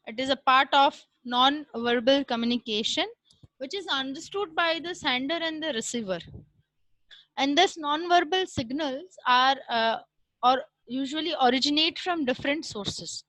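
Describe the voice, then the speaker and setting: A woman giving a recorded classroom lecture, explaining step by step with frequent "uh" pauses and "right?" checks. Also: high-pitched, fairly bright tone, no room sound, poor audio.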